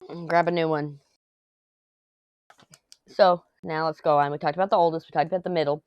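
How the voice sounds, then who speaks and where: A woman's voice: low voice, fairly even intonation, fairly quick, no room sound, highs cut off. A middle-aged woman, chatting and telling rambling family stories while she works on a craft at home. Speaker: craft vlogger. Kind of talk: casual chat while crafting.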